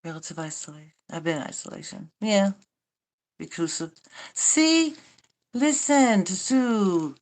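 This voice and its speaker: A woman's voice: mid-range voice, big pitch swings, unhurried, darkish tone. An older woman hosting a casual livestream chat, rambling and wry, mocking herself and swearing now and then. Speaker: livestream host.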